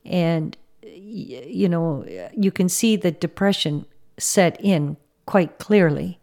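A middle-aged woman speaks in a slightly low voice. She delivers a faith reflection talk in an earnest, gently encouraging tone. Her manner is warm-hearted and unhurried. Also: gravelly.

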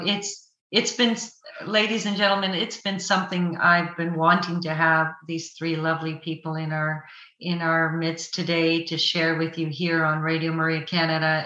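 A woman hosting a faith radio talk show, gently welcoming her guests. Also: sits low, level tone, moderate pace, reverberant, muffled recording. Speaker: radio host.

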